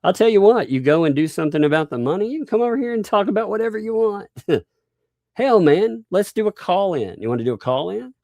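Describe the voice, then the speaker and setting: A livestream host rants in a combative, mocking manner, swearing freely and laughing between lines. His voice sits high, with a creaky, darkish tone and no room sound.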